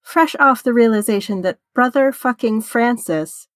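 Woman reading fanfic out loud, chatty and wry, dry close sound. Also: on the high side, normal speed, no room sound. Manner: wry, conversational storytelling with casual swearing. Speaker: narrator. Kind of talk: audiobook fan fiction reading.

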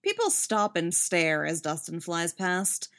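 A woman reading a fan story aloud with lively, expressive narration. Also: fairly low pitch, takes it slowly. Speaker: fanfiction reader.

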